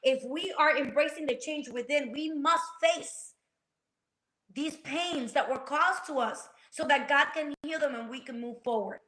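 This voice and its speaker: A woman's voice: high-pitched, unhurried, a bit bright, roomy sound. A woman sharing a personal faith testimony on a talk show, speaking with passion and a preacher-like fervor. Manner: passionate, preacher-like, acts out quotes.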